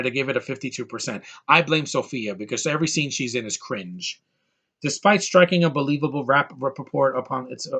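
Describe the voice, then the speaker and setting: A man's voice: medium pitch, a bit bright, breathy edge. A man giving a casual, blunt film review, ranting and exasperated about what he dislikes. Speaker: movie reviewer.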